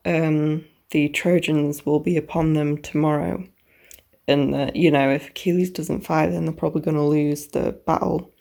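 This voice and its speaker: A young woman book vlogger casually recaps a novel for her reading vlog, chatty and swearing freely, and often drops into a whisper. Her voice is low-pitched and a little mellow, with vocal fry.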